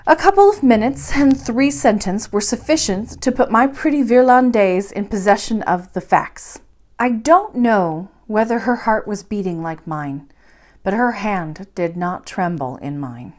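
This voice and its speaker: A woman reading a bedtime story aloud, narrating in an expressive, measured way. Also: mid-range voice. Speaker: library storyteller.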